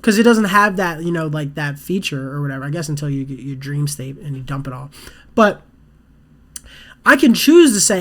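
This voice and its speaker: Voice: mid-range voice, animated, moderate pace. A podcast host talking casually in a loose monologue, full of fillers and restarts, often acting out their own thoughts as quoted asides. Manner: rambling, loose, full of "you know" and "like", restarts mid-sentence.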